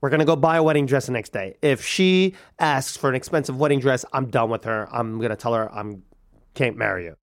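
A man in his thirties telling a personal story, animated and acting out the people he quotes. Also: mid-range voice, fairly quick. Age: 30s. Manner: animated, acts out quoted voices. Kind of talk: personal story told to a radio audience.

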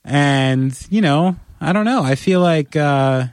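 A man co-hosting a podcast in casual chat, animated and playfully persuasive, talking in long run-on pitches. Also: takes it slowly, smooth, no room sound, studio quality. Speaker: podcast co-host.

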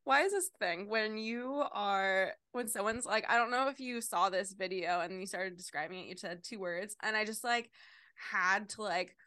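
A woman's voice: medium pitch, moderate pace, bright, forceful tone, no echo, studio quality. A young woman in her twenties, co-hosting a podcast in casual chat, bantering playfully and laughing often. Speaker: podcast co-host.

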